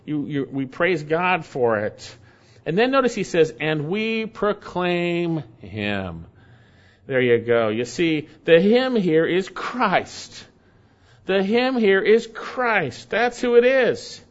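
High-voiced preacher, emphatic and repetitive. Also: male voice, very animated. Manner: emphatic, repeats key phrases, shifts between slow stress and quick asides. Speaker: pastor. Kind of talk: expository sermon. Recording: dull lo-fi sermon recording.

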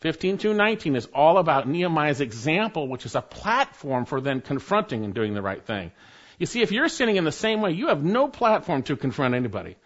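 A man preaching with a lively, swooping voice set a little high. He moves from loud emphasis to quiet urging and repeats his points. The recording sounds dull and lo-fi. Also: brisk. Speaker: pastor. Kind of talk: sermon.

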